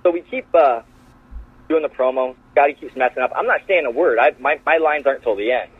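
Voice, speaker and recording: A man who's a wrestler guest tells backstage stories in casual chat, animatedly acting out quotes in changed voices. His mid-range voice is husky and brisk, with no room sound. He's on a phone call, so the line sounds tinny.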